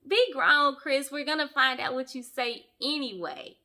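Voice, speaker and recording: A young woman giving sassy, animated commentary as she reviews a reality show for her viewers. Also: on the high side, measured pace, hardly any pauses. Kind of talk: casual commentary.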